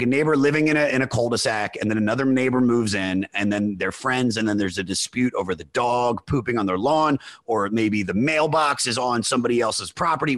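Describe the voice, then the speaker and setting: A man hosting a music podcast with a mid-range voice, talking in a loose, rambling way. He gets excitable and swears freely. The sound is close and dry, with no room around it. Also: mid-range voice, dry recording. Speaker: podcast host. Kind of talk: casual chat.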